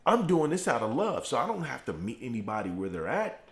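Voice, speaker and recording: A middle-aged host runs a morning motivational show streamed live from his garage at home. His preaching is fired up and repetitive, delivered in a sing-song voice he purposely keeps lowered.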